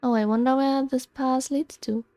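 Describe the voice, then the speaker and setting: A woman's voice: high-pitched, fairly even intonation, normal speed, warm tone, dry recording, pitched above the performer's own voice. A woman reading as a gushing dreamy young woman. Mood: delighted. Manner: gushing, reading game dialogue aloud. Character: cheerful dreamy young woman, easily delighted.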